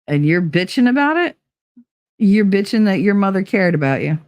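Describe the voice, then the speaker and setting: A woman's voice: mid-range voice, big pitch swings, normal speed, a little mellow, no echo, clean studio sound. A woman hosting a podcast in casual talk, blunt and sarcastic, swearing freely and mimicking others in mocking voices. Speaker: podcast host. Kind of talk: casual monologue reading viewer comments.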